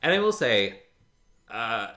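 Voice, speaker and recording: A man co-hosting a podcast, chatting casually about a TV episode, jokey and quick to laugh. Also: medium pitch. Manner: laughs often, jokey and animated. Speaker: podcast co-host. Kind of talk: casual chat recapping a TV episode.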